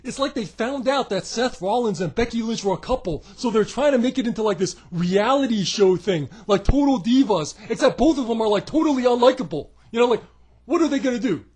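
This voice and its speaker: Male vlogger, very high voice, mocking comedic rant with bursts of shouting. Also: expressive, fairly quick, slightly rough. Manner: sarcastic, profane and mocking; often breaks into shouting. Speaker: wrestling commentary vlogger.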